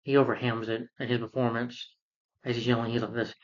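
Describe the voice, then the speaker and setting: A man's voice: medium pitch, level tone, fairly quick. Rambling man recapping a film, lo-fi. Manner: rambling, retells scenes and acts out characters. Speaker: film reviewer. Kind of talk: casual film review rant.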